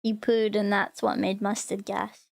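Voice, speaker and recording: A woman's voice: mid-range voice, level tone, measured pace, creaky. An Australian woman streaming as a VTuber, chatting casually and rambling with lots of filler words while she reads chat aloud.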